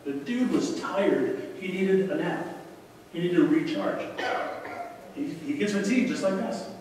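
A middle-aged man preaching a sermon as a guest speaker, talking to the congregation in a conversational way and telling stories with lively asides. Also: sits high, measured pace, a little hiss or hum. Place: church sanctuary. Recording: distant, echoey church hall recording.

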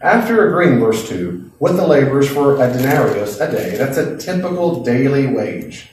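A man teaching a Bible class, lively and folksy, acting out voices from the story. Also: medium pitch, moderate pace, a little hiss or hum. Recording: echoey classroom from a distant mic.

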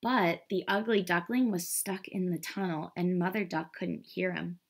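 A woman's voice: fairly low pitch, fairly even intonation, moderate pace, slightly rough. A woman teacher reading a picture book aloud to children in a careful storytelling manner.

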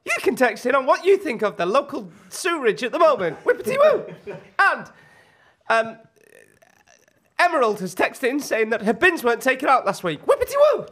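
A manic local radio presenter in a shrill, squeaky voice. His pitch leaps all over the place, and he whoops between the lines. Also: very animated, moderate pace, a bit bright, full character voice. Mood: manic glee.

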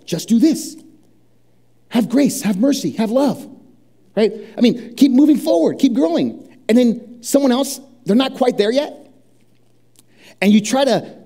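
A middle-aged man preaching a sermon, chatty and conversational, asking the congregation questions and sinking low and quiet when he speaks of prayer. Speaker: pastor.

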